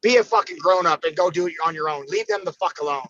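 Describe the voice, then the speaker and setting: An American man talks fast and profanely, pumping himself up as he tells stories on a podcast. His voice sits high and sounds bright and forceful. The sound is dry and a little dull. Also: no room sound. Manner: profane, fired-up, emphatic. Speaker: podcast guest, fighter. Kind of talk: casual podcast chat.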